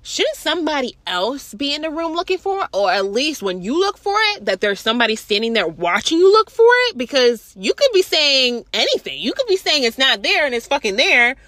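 A young woman telling a storytime rant to her viewers, animated, sarcastic and full of swearing. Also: high voice, fairly quick, hardly any pauses, dry recording. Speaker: vlogger.

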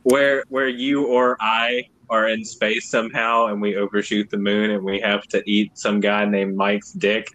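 A man's voice: fairly low pitch, level tone, measured pace, few pauses, a bit bright, rough recording. A man in a casual comedic chat who laughs often and keeps the banter going as a podcast co-host.

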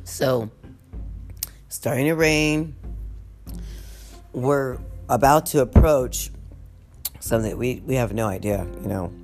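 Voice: mid-range voice, takes it slowly, long pauses, a little mellow, faint music behind. A vlogger venting through a rambling storytime, swearing constantly and laughing through the telling.

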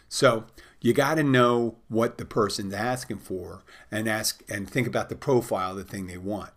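A middle-aged man with a fairly low voice talks to his listeners in a loose, rambling way. He circles back on himself and restarts his sentences often, as if chatting on his own podcast. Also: fairly bright tone. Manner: rambling, conversational, with many restarts. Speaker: podcast host. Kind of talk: casual storytelling monologue.

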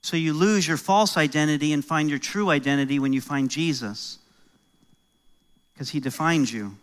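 A man's voice: on the high side, moderate pace. A middle-aged man from New York with an American accent, preaching a sermon as pastor in a conversational, joking way with rising emphasis.

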